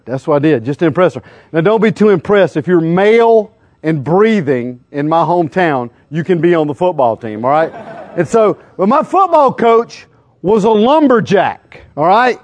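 A man, preaching to a live crowd in a humorous, excitable storytelling way with sudden loud outbursts. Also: sits high, moderate pace.

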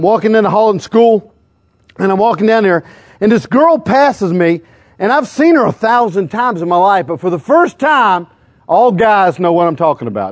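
High-voiced excitable preacher man. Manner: excitable storyteller with sudden loud outbursts. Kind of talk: humorous preaching to a live crowd.

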